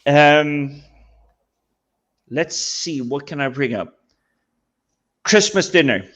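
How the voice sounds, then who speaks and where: A man from Scandinavia chatting casually on a panel, animated and stumbling over his words as he tells anecdotes. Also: a little high, slow pace. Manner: animated, stammering restarts, laughs while talking. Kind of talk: casual chat. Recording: dull lo-fi audio.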